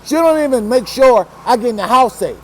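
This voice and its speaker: A man from Los Angeles hosts a storytelling show, recounting his own story in a casual, profane way. His voice sits high and swings between hushed and loud. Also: animated, a little fast. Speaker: storytelling host.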